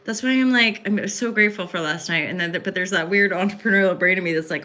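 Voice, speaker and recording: Bright-voiced woman rambling on a livestream. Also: lowish voice, fast, hardly any pauses. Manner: rambling, effusive, many fillers. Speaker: livestream host and spiritual reader. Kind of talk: casual livestream chat. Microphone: phone.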